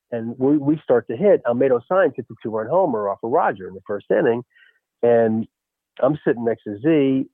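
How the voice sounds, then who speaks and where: A former baseball coach telling a lively story in a radio interview, peppering his talk with "you know" and "right?". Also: mid-range voice, no echo. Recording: tinny phone line.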